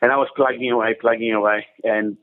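A man guest telling stories in casual chat, halting with many restarts and fillers. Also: mid-range voice, flat delivery, phone-quality sound. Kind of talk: casual storytelling.

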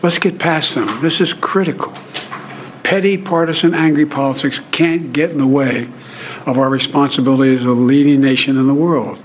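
A man at a middle pitch delivering a formal political address. He speaks in a measured, halting way, pausing between phrases, and his tone is earnest and appealing. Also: steady tone, slight background noise. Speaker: politician giving a speech.

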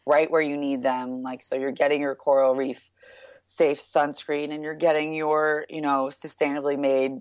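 Speaking at a moderate pace with a level tone, this New York woman in her thirties, a brand founder, talks about her work in a relaxed interview, cheerful and full of "like" and "um." Her voice is strikingly deep, low and darkish. The audio is lo-fi and dull, close and dry without echo.

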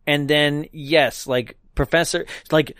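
A man in casual chat, recapping a movie with lots of swearing and quick acted-out character bits. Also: a little high, steady tone, a bit bright, clear, resonant tone, dry recording, clean studio sound.

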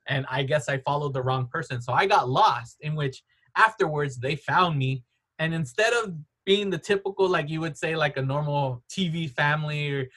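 A man's voice: fairly high pitch, moderate pace, a bit bright. A man in his thirties hosting a podcast in casual chat, rambling through stories with lots of filler words. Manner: rambling storyteller, many "like"s, laughs often. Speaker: podcast host.

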